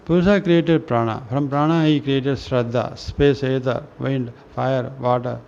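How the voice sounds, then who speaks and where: A man reading spiritual scripture aloud in a slow, halting way, often restarting words and clearing his throat. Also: medium pitch, fairly even intonation, darkish tone. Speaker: reader of a spiritual newsletter. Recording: dull lo-fi recording with faint noise.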